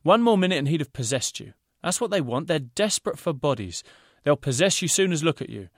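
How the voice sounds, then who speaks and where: A fussy, excitable male fashion designer, as a man reading a story aloud puts him on, rattling off pompous sales patter in a raised, loud voice. Dry, close sound with no room echo. A storybook character voice. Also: on the high side, brisk, pitched above the performer's own voice. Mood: urgent warning.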